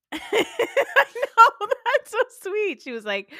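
A woman's voice: very high voice, huge pitch swings, slow, sharp tone, no echo, clean studio sound. A woman co-hosting a podcast, chatting casually and animatedly, acting out quotes and laughing often. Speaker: podcast co-host. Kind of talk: casual recap chat.

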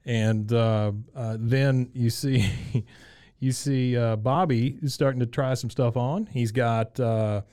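A man's voice: fairly even intonation, takes it slowly, warm tone, clear, resonant tone, dry recording, studio quality. Laughing man recapping a cartoon episode. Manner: laughs often, acts out quotes in higher voices. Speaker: podcast co-host. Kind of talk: casual chat recapping a TV episode.

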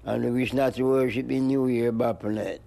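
A man, rambling playfully as an interviewee, with a gravelly voice and chanting repetitions. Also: mid-range voice, fairly even intonation, brisk, warm tone. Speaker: interviewee, musician. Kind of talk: free-associating rambling chat.

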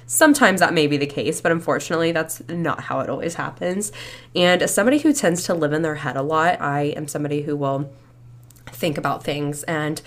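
A young woman hosting a solo podcast, chatty and reflective, a bit stuffy and short of breath after a cold. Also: deep voice. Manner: chatty, reflective, many fillers like "you know" and "like". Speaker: podcast host. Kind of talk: casual solo podcast talk.

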